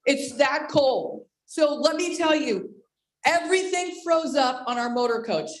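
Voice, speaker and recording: A woman in her sixties giving an animated personal testimony on a team video call, exclamatory and speaking straight to her listeners. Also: high-pitched, a little slow, roomy sound, poor audio. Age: 60s. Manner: excitable, exclamatory, addresses listeners directly. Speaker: presenter at a network marketing team call.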